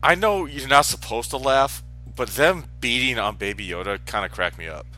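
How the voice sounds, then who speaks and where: A man with a bright, forward voice chatting easily about a TV show. He laughs often and trips over his words, restarting sentences, with a lively rise and fall in pitch. Faint music sits behind him. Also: normal speed. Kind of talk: casual chat reviewing a TV show.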